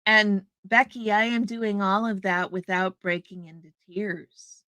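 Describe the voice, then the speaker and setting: A woman's voice: mid-range voice, fairly even intonation, measured pace, pushed and bright, dry recording. A woman hosting a live stream, chatting casually and greeting her viewers by name as she answers their comments. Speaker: livestream host. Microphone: streaming setup microphone.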